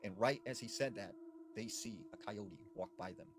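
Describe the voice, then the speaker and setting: A fairly low-pitched man speaks at a normal speed while background noise runs underneath. He's casually recounting spooky tales, leaning heavily on filler words like "like."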